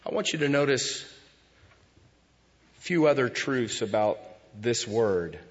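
A man preaching a sermon as pastor in a church, moving between hushed lines and loud cries. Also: medium pitch, lively intonation, unhurried. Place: church sanctuary. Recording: dull sound with long hall reverb.

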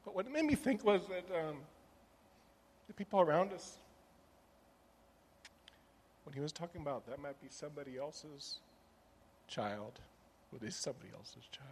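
Soft-spoken middle-aged man, halting. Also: on the high side, expressive, slightly rough. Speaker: group member sharing a testimony. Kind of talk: heartfelt personal sharing.

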